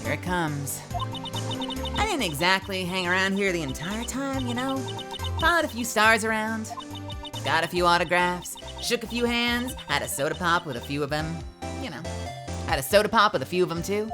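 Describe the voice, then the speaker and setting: A woman's voice: fairly low pitch, lively intonation, normal speed, over music, natural voice. A woman doing a pushy, drawling photographer gal. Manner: pushy, put-on folksy drawl. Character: brash young female tabloid photographer. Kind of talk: playing a game character aloud.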